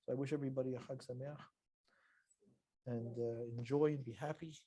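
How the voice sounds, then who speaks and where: A man, a rabbi, teaching a religious lesson as an animated storyteller who laughs between lines. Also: mid-range voice, a little fast, husky.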